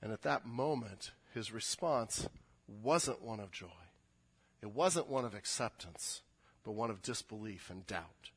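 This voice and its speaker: A man preaching a sermon in an animated way, building to emphatic peaks. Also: lowish voice, measured pace, slightly rough. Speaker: pastor.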